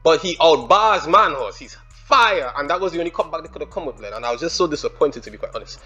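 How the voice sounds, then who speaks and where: Reaction host: guy, high lively voice, slangy and excited, faint music behind. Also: fast talker, highs cut off. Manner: excited, slangy, rambling breakdown of lyrics. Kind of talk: casual reaction commentary.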